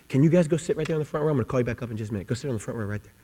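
A man preaching a sermon, swinging from quiet talk to loud shouting. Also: medium pitch, very fast, slightly rough. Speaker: pastor. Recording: long hall reverb.

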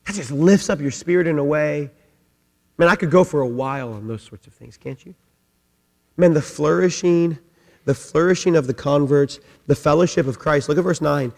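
A man preaches in a high, ringing voice, hammering his points through repetition and rising to loud climaxes. His voice echoes with the long reverb of a church sanctuary. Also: normal speed, gravelly. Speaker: pastor. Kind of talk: sermon.

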